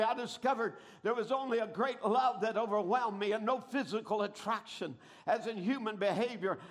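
A man preaching a sermon, telling a story dramatically and breaking into shouts at its high points.

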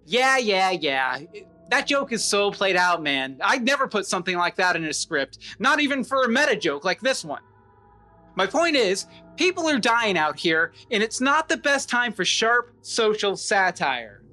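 Man as fussy defensive writer, high lively voice, comedy audio play. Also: normal speed, soft background music, full character voice. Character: fussy nerdy male writer.

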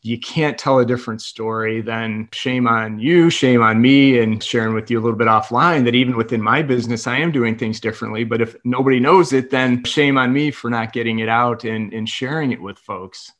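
A man's voice: medium pitch, brisk, hardly any pauses, fairly bright tone. A man hosting a business podcast, chatting casually and agreeably, loose and a bit rambling. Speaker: podcast host. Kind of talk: casual interview chat.

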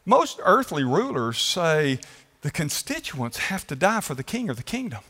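A man's voice: high-pitched, very animated, brisk, sharp tone. A man preaching a sermon as pastor, emphatic, stretching out phrases and putting questions to his congregation. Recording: echoey hall.

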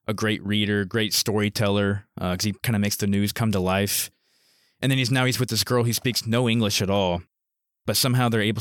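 A man on a movie podcast, summing up a film's plot in a relaxed way with frequent fillers. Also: on the low side, smooth, no room sound, studio quality. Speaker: podcast co-host. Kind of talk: casual movie discussion.

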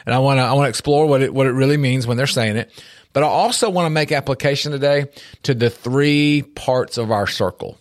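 Middle-aged man telling a story. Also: medium pitch. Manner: storytelling, animated, repeats words when starting sentences. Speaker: podcast co-host. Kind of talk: casual faith and life talk.

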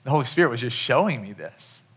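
Bright-voiced man preaching a story. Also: medium pitch, lively intonation, fast, slightly rough. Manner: storytelling, conversational, with many restarts. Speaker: pastor. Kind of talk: sermon.

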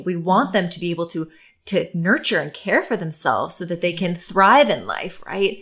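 A woman's voice: on the low side, big pitch swings, normal speed, a bit bright. A woman co-hosting a casual parenting talk, affirming and reflective in tone. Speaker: podcast co-host.

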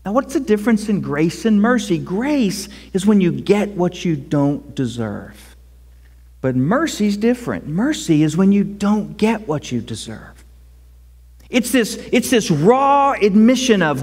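A man preaching a sermon as pastor, conversational and animated, rising to loud cries. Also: high voice, measured pace, slightly rough. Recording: long hall reverb.

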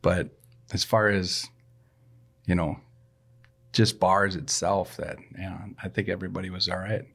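A man from Saint Paul chatting casually as a podcast co-host, relaxed and rambling, often trailing off. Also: deep voice, a little slow, creaky. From Saint Paul, Minnesota. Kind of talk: casual chat.

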